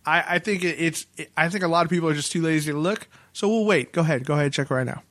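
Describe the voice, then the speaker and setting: Bright-voiced young male podcast host. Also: a little high, fast, no room sound. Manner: joking, interrupts others. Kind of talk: casual banter.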